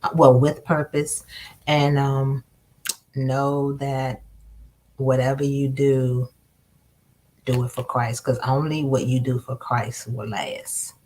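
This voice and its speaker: A woman speaking as an author guest in a casual interview, warm, quick to laugh and to agree. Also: extremely low pitch, little pitch movement.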